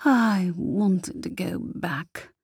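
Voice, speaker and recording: A woman voicing a cruel, bitter sorceress who treats her daughter with slow, cutting scorn. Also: fairly low pitch, animated, darkish tone, dry recording, studio quality. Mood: bitter, scornful.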